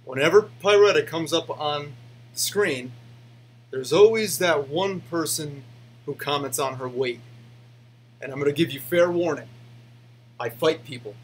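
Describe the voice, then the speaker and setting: A man's voice: fairly high pitch, measured pace, long pauses, a little hiss or hum. A man casually chatting to fans, rambling with many restarts and fillers, then ranting defensively. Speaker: YouTube host answering fan questions. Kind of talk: casual behind-the-scenes chat.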